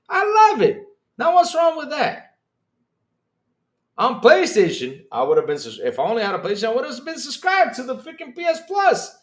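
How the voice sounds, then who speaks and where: Animated, excitable man streaming in an echoey room. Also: very high voice. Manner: animated, excitable, swears freely, voice jumps up when worked up. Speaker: podcast host streaming to chat. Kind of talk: casual opinionated livestream talk.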